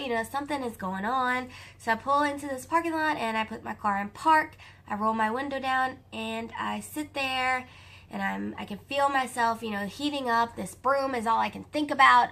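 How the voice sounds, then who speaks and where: A young woman with a Southern US accent telling a personal story to camera in a chatty, animated way, often calling out to her viewers. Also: on the high side, normal speed, gravelly. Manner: animated, chatty, addresses viewers as you guys.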